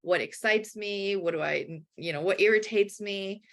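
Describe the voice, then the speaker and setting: A woman's voice: medium pitch, moderate pace. A woman guest telling a personal story in a casual interview, acting out the voices of the people in it. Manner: animated, acts out quoted dialogue.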